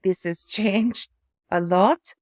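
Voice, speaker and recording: A middle-aged woman from Canada whose speech now has an Eastern European-sounding accent, talking slowly and haltingly with many pauses and fillers, affected by aphasia after a stroke. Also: mid-range voice, no echo, studio quality. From Hamilton, Ontario, Canada. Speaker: memoir vlogger, former priest. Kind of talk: personal reflective talk to camera.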